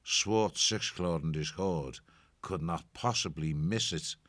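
A man narrating an audiobook in a measured, steady storytelling manner. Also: deep voice, dry recording. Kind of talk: audiobook reading.

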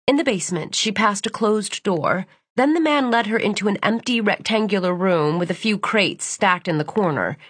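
Woman reading an audiobook, husky, dry close sound, steady pace. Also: mid-range voice, normal speed, few pauses, no room sound. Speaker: audiobook narrator. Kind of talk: scripted audiobook narration.

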